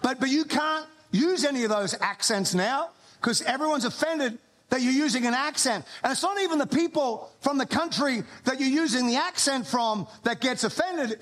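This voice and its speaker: High-voiced Australian pastor preaching. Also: male voice, fairly bright tone. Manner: conversational preaching with humorous asides and repeated restarts. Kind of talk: sermon. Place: church before a congregation.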